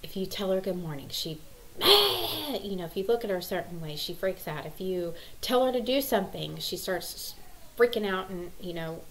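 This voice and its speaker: Exasperated mom telling a story. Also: female voice, medium pitch, very animated, normal speed, very noisy. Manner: exasperated, rambling, acts out quotes. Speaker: mother vlogger. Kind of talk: casual storytelling vlog.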